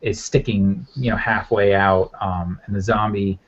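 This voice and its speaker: A man's voice: fairly low pitch, fairly even intonation, unhurried. A man narrating as game master in a loose, rambling way with lots of fillers. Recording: muffled lo-fi audio.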